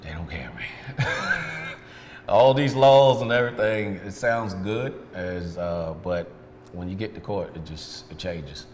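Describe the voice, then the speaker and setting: Speaking slowly in a lowish voice, a man recounts his past candidly during a sit-down interview, quoting dialogue as he retells events. He's the guest, a detailing business owner. The recording has long reverb, faint background ambience, and a little hiss or hum.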